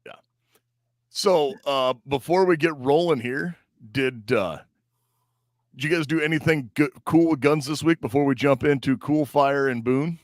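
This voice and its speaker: A man hosting a podcast, chatting in a relaxed way and laughing easily as he talks over a remote call. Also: medium pitch, a little slow, no room sound, studio quality. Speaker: podcast host. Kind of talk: casual podcast chat.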